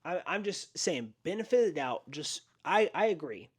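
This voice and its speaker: A man hosting a casual podcast, retelling a horror movie in an animated way and jumping into higher voices when he quotes characters. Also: moderate pace, husky. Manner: animated retelling, acts out lines in raised voices. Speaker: podcast host.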